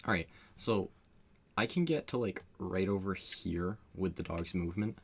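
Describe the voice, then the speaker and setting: A man's voice: deep voice, normal speed, creaky. A man playing a tabletop game on a stream, thinking aloud as he tallies his dice. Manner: animated, thinks aloud while tallying rolls. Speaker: player.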